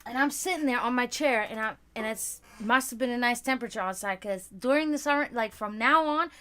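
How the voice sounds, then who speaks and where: A woman's voice: on the high side, fairly quick, clear, resonant tone. Profane, rambling woman streamer. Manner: rambling, profane, animated storytelling. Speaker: livestream host. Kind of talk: casual storytelling chat.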